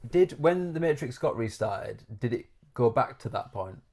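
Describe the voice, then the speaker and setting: Gravelly podcast co-host. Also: male voice, mid-range voice, lively intonation, darkish tone. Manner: teasing, quick questions and dry asides. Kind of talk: casual chat.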